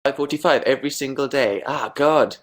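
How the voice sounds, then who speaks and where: A man's voice: mid-range voice, a little fast. Young English man, webcam livestream host, self-mocking and rambling. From England. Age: young adult. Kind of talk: casual livestream chat.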